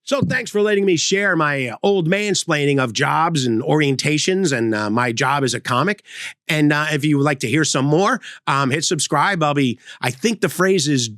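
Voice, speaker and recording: A man's voice: fairly high pitch, moderate pace, a bit bright, dry recording, studio quality. A man in his sixties, a comedian telling rambling job stories as a grumbling old-timer who pokes fun at himself. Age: 60s. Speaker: comedian and host. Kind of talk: comedic storytelling monologue.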